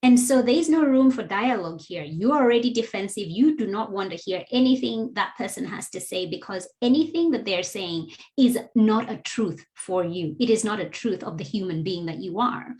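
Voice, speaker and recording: A woman guest on an interview, explaining things in an earnest, measured, teacherly way. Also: mid-range voice, animated, a little mellow. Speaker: guest, DEI educator.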